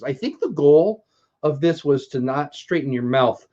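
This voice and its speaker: A man's voice: a little high, expressive, measured pace, mellow, highs cut off. A man in his fifties, a grandfather, chatting casually and joking at his own expense while looking through old family photos. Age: 50s. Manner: joking, self-mocking. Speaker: vlogger. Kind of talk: casual chat.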